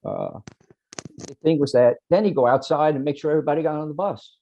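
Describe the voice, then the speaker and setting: A man on a video call panel, haltingly recalling a late friend with many restarts. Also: fairly high pitch, wildly swooping pitch, gravelly, dull audio.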